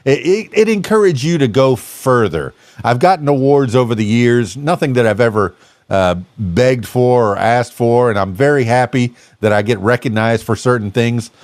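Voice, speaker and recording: A man's voice: mid-range voice, normal speed, darkish tone, no echo. A man hosting a casual podcast, playful and teasing, rambling with lots of fillers. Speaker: podcast host.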